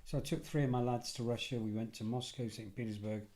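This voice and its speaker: A middle-aged English man speaks at an ordinary middle pitch, spinning anecdotes in an easygoing way. He backs up and corrects himself mid-sentence as the story runs on, keeping the tone of a relaxed chat. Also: quick pace. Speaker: podcast guest, former detective and security head. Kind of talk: casual storytelling.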